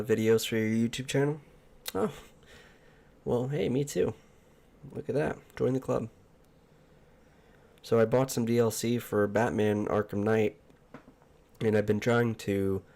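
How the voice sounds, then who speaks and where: A man's voice: lowish voice, vocal fry, darkish tone. A man hosting a casual solo podcast from a room at home, talking in a profane, exasperated, ranting way. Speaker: podcast host. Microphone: headphones and desk mic.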